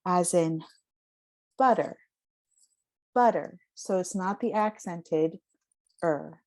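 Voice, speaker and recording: Slow, low-voiced woman teaching a lesson. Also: darkish tone. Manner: slow and explanatory, frequent fillers, stretches out example words. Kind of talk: casual spoken lesson.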